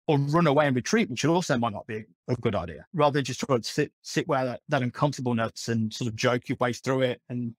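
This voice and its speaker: Guest: man, lively storyteller who laughs a lot, dry close sound. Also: mid-range voice, no room sound. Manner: animated, laughs often, many restarts. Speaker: podcast guest. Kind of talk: storytelling in a casual conversation.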